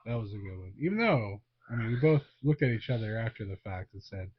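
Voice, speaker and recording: A man's voice: fairly low pitch, quick pace, breathy edge. A man co-hosting a casual movie review podcast as a father, easygoing and asking clarifying questions. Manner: relaxed, affirming, asks clarifying questions. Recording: dull lo-fi recording.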